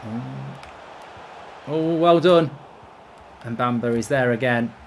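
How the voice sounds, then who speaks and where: A man giving excitable, sweary live commentary while he plays a football video game. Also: mid-range voice, takes it slowly, slight background noise. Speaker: gaming streamer.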